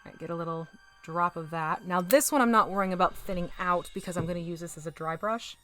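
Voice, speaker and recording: A woman's voice: lowish voice, quick pace, fairly bright tone, soft background music. A woman chatting casually with her live-stream audience while she paints miniatures, laughing often and sometimes drifting away from the mic.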